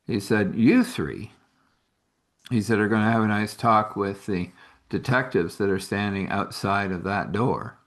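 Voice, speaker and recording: A man's voice: fairly low pitch, moderate pace, fairly bright tone, roomy sound. A man casually telling a faith story, rambling along and acting out the dialogue of the people in it. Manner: rambling, acts out quoted dialogue.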